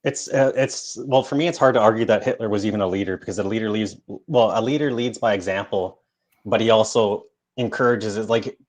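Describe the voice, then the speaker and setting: A man's voice: fairly low pitch, fairly quick. A man hosting a live call-in stream, casually chatting and agreeing with his caller. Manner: relaxed, agreeable, laughs along. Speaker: stream host. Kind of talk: casual chat.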